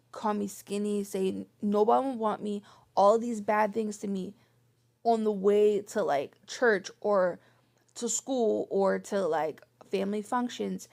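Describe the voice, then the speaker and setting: Venting young woman with gravelly voice. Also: medium pitch, a little mellow. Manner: frustrated, venting, heavy use of "like". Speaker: vlogger. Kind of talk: personal storytime vlog.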